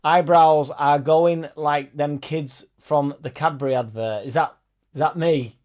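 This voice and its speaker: A man's voice: fairly high pitch, fairly even intonation, unhurried, a little mellow. Sweary young man, casual chat. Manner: loose, sweary, joking banter. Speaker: host of a football fan live stream. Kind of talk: casual chat, reading live comments.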